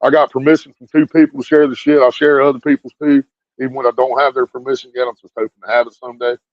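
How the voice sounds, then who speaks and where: A man's voice: medium pitch, little pitch movement, fast, no echo. A man ranting bluntly to his viewers with heavy swearing, repeating himself as he talks, on a dull lo-fi recording. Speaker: video streamer. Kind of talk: profane ranting commentary to viewers.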